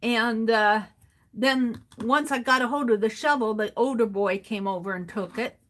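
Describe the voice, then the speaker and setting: A woman's voice: on the high side, moderate pace, a bit bright. A woman hosting a crafting livestream, rambling through a casual story as she works and chuckling often between sentences. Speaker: art journaling livestream host.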